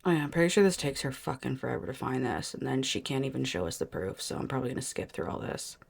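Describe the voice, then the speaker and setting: Low-voiced woman mocking a stream. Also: fast talker, gravelly, a little hiss or hum. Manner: blunt, mocking, swears freely. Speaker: reaction video host. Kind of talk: sarcastic reaction commentary.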